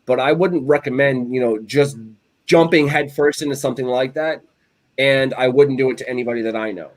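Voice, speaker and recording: A man's voice: mid-range voice, fairly quick. Male co-host, loose rambling storyteller, casual podcast banter. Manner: rambling storyteller, animated, lots of "like" and "you know". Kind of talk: casual chat.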